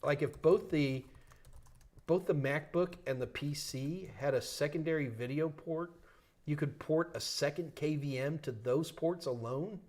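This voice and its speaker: A man with a New York accent and a somewhat high, slightly mellow voice hosts a live tech Q&A stream at a measured pace. He answers questions loosely, joking and thinking aloud with restarts.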